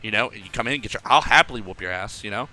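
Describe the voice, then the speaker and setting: A young man coaching a player over a call in a casual, animated way, often acting out his own thoughts aloud. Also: lowish voice, fast.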